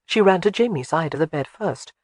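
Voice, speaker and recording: A man reading an audiobook in a measured, even way. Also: on the high side, husky, no room sound. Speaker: audiobook narrator. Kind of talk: scripted narration.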